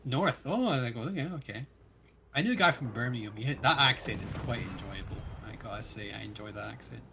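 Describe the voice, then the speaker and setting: Lively chatty Scottish man. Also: medium pitch, brisk, gravelly, noisy background. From Scotland. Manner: chatty and playfully opinionated. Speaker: fellow player on a livestream. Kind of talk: casual gaming livestream chat.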